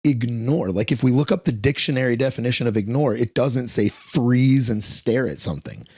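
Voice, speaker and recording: A man who trains dogs, a guest on a casual interview, telling profane, animated stories and acting out the voices of the people and animals in them. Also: medium pitch, moderate pace, breathy edge, dry recording, studio quality.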